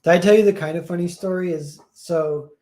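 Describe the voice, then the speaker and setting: A man's voice: high voice, a little fast, mellow, echoey room. A young man chatting casually on a livestream, rambling and self-deprecating, acting out quoted dialogue as he tells stories. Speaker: streamer and comic artist.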